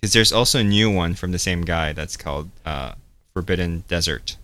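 A man's voice: low-pitched, moderate pace, bright, forceful tone. A young man chatting casually on a podcast, laughing often and drawing words out when he demonstrates them. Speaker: podcast co-host. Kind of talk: casual chat.

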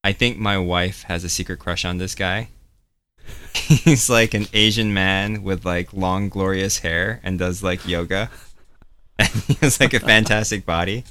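A man's voice: deep voice, steady tone, unhurried, bright, forceful tone, slight background noise. A young man chatting casually on a podcast, laughing often and drawing words out when he demonstrates them. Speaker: podcast co-host. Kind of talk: casual chat.

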